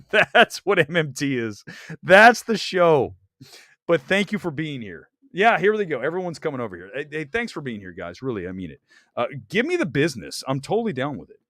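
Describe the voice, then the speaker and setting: A man hosting a live-streamed movie talk show, ranting in an animated, rambling way about awards-night results. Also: fairly high pitch, moderate pace, dry recording, studio quality. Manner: animated, rambling, emphatic rants. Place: Los Angeles area.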